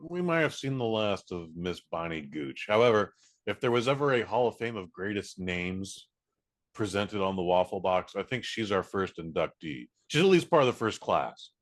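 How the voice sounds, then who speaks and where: A man's voice: low voice, big pitch swings. A man co-hosting a comedy podcast, wisecracking and stretching out his punchlines. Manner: wisecracking, drawn-out emphasis. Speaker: podcast co-host. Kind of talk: casual comedy chat.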